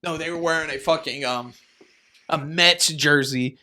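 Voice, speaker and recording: Podcast co-host, man, raised bright voice, swears a lot and jokes around. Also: fairly high pitch, unhurried. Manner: profane, jokey, laughs often. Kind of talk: casual sports chat.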